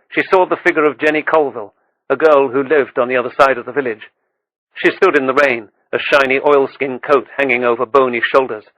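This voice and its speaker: A man reading an audiobook with steady, measured storytelling. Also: mid-range voice, no room sound, dull audio. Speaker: audiobook narrator. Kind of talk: scripted audiobook narration.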